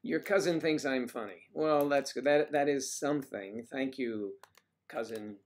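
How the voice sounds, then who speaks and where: Man, livestream host, casual chat, jokey and rambling, mid-pitched voice. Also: measured pace. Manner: joking, rambling, answering viewers' comments.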